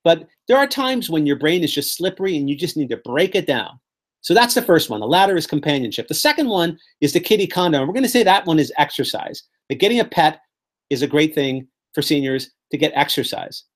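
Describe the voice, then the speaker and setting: A man teaching a room full of people, his pitch swinging up and down as he spins colorful little scenes. His delivery is playful and animated, like a presenter who enjoys painting pictures with words. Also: brisk. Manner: animated, playful storytelling with vivid imagery. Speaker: presenter teaching memory techniques. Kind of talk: live workshop teaching.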